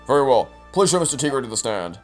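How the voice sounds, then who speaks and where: A man's voice: medium pitch, very animated, fast, faint music behind, close to an everyday voice. A man doing a timid old judge. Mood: formal. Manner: mild, hesitant.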